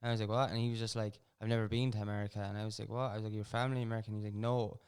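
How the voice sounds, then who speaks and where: A fast-talking man hosts a casual podcast in a smooth, clear voice that sits a little low. He tells stories in a rambling, animated way, full of fillers. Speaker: podcast host.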